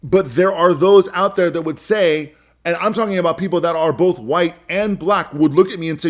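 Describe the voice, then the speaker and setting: Guy doing a solo podcast rant, earnest and emphatic, keeps restarting and repeating lines, voice on the higher side. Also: normal speed. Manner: emphatic, repeats key phrases, frequent restarts. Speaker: podcast host.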